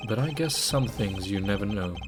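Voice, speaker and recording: Man doing a proud prosecutor, formal, measured, dignified, lively pitch, game music underneath. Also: natural voice. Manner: formal, measured, lower than his own voice.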